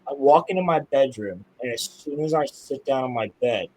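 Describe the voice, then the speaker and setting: A young man telling a strange personal story in casual podcast chat, excitable, insistent and full of swearing. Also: medium pitch, moderate pace, rough recording.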